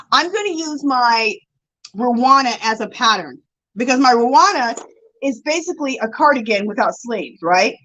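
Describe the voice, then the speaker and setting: Heard through poor audio, a livestream host with a slightly high voice crafts with yarn and reads viewer comments out loud. She greets people by name, chatty and animated, with plenty of gushing exclamations.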